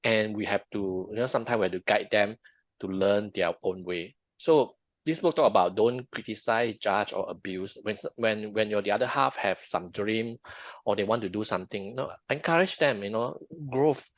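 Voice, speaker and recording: A man's voice: on the low side, normal speed, no room sound. A man co-hosting a podcast in a casual book discussion, who halts and repeats words often. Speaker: podcast co-host. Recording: dull lo-fi dry sound.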